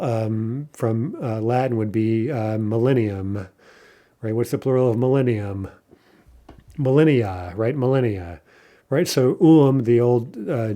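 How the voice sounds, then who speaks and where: A man giving a video language lesson in a mellow, warm voice. He explains patiently, with frequent fillers and a habitual "right?" to keep students with him. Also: medium pitch. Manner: patient, repeats "right?" often, many fillers. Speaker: language teacher.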